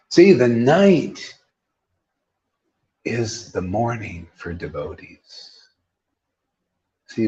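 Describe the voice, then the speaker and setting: A man giving an informal devotional sermon as a spiritual teacher, animated and joking in a preacherly way. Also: fairly low pitch, dull audio, a little hiss or hum.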